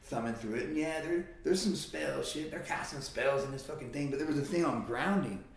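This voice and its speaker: A man's voice: on the high side, a little fast, gravelly. A man telling his own story in a blunt, profane, casual way as a guest. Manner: blunt and profane, swears often. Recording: very echoey room.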